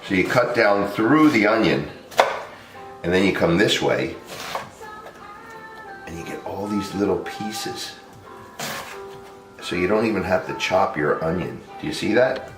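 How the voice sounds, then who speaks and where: A very low-pitched man chats his way through a home cooking demo, easygoing and quick to laugh. His voice bounces around a reverberant kitchen while music plays clearly behind him. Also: lively intonation. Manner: chatty and loose, laughs often, talks to camera crew. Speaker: home cook vlog host. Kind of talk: casual cooking demonstration.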